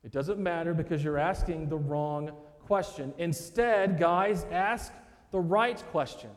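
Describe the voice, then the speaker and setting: A man's voice: a little high, measured pace, big-room sound. A male pastor preaching a sermon in a church, explaining a gospel text in a conversational way and talking to his listeners directly as "guys". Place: church sanctuary.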